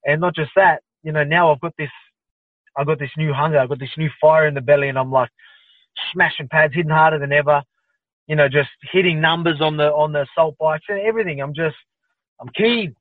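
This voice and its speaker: An Australian man in his thirties talks in a pumped-up, restless rush, circling back with fillers and repeats. His voice sits a touch high. It comes through a thin, phone-like video call line with no room sound. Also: brisk, dry recording. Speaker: interview guest, fighter. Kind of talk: remote interview answers. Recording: tinny phone-like line, dry.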